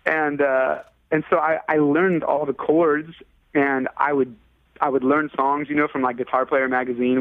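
A man's voice: mid-range voice, no echo. Guy from california rambling thru a story, lots of likes, phone-ish dry sound. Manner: rambling, many fillers, acts out quoted people in a raised voice. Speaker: podcast guest, musician. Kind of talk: casual storytelling. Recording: tinny phone-like line, dry.

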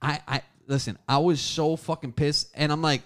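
A man co-hosting a casual podcast, telling a story with lots of cursing. He talks in a slightly higher voice than most men and acts out every character in his tale. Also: moderate pace, few pauses, no echo, studio quality. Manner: animated, profane, acts out the people in his stories. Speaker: podcast co-host.

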